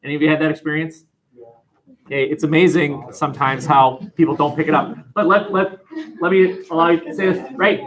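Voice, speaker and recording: A man lectures his sociology class in an animated, lively way, and he often acts out the people he quotes. His voice sits a touch high for a man. He is speaking in a classroom. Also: brisk, poor audio. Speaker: sociology teacher.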